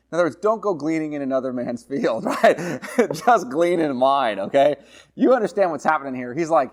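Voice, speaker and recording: In a church, a male pastor works through a Bible passage conversationally, slowly reading verses aloud before explaining them. He often checks in with "right?" and "okay?", and his voice is a little high, expressive, and darkish.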